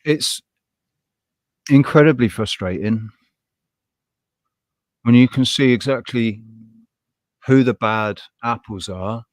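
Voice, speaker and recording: A man's voice: mid-range voice, takes it slowly, long pauses, dry recording, clean studio sound. Blunt, swearing man ranting on a podcast. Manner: laughs often, restarts mid-sentence. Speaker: podcast co-host. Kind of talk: casual live podcast chat.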